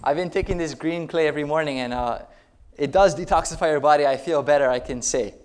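A man's voice: fairly high pitch, quick pace, darkish tone. A male pastor preaching a sermon, retelling stories in a conversational way and putting rhetorical questions to the congregation.

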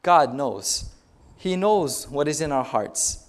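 A man's voice: a little high, expressive, slow. A male pastor preaching a sermon, retelling stories in a conversational way and putting rhetorical questions to the congregation.

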